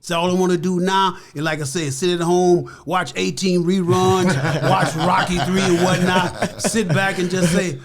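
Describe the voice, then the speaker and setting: Earnest older American man, slightly higher voice. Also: flat delivery, moderate pace, few pauses, over a noisy crowd. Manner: earnest, repeats "like I said" and "you know". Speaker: guest. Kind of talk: casual interview talk.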